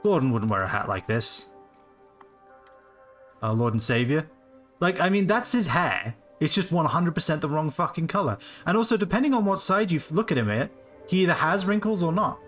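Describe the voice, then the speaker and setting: A man in his late twenties chats his way through a game stream in loose, rambling commentary, cursing freely. His voice sits a little high and is very lively in pitch. Soft game music plays behind him. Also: moderate pace. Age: late 20s. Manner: rambling, casual, swears freely. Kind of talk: live gameplay commentary.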